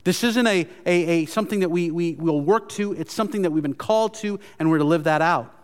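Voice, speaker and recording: A man's voice: fairly high pitch, brisk, smooth. A man preaching a sermon as pastor, earnest and emphatic, often restarting his phrases. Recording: long hall reverb.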